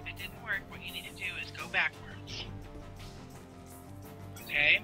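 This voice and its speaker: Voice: mid-range voice, normal speed, over music. A player bossing friends around during an online game, joking as they go. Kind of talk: casual gaming chat.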